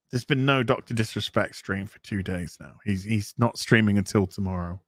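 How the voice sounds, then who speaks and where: A man from England hosts a casual live stream, chatting in an animated way and reading out viewer donation messages. His voice is fairly low, his delivery unhurried with long pauses, and the recording is dry.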